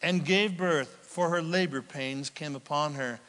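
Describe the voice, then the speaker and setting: Dramatic preacher in an echoing hall. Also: male voice, a little high, a little slow. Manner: dramatic, swings from loud to whispered. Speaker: pastor. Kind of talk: sermon. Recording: long hall reverb.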